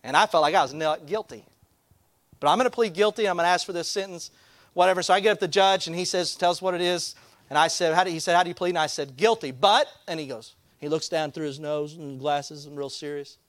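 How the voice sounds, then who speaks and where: A pastor tells a funny personal story in a storytelling sermon, animatedly acting out the people in it. His voice is a little high and fast, captured in a dry recording.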